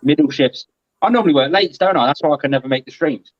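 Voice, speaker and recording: A man talks in a lively, chatty way, his voice sitting a little high. He is on a video call, and the sound comes through muffled and lo-fi with no room echo. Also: fast talker. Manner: chatty and animated. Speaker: guest. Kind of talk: casual live-stream chat.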